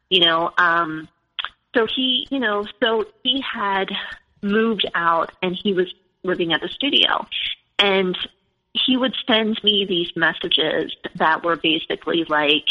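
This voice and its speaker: Woman, 40s, guest recounting her story casually over a dull remote line; slightly low voice. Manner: chatty, fillers like "like" and "you know". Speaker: podcast guest. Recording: dull phone-line audio with long reverb.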